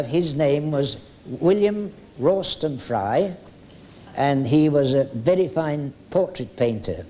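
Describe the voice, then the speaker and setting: A man's voice: a little high, a little mellow. An older man, a veteran entertainer, reminiscing in a chatty, jokey way with frequent hesitations. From England. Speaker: veteran music hall entertainer. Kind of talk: anecdotal reminiscing.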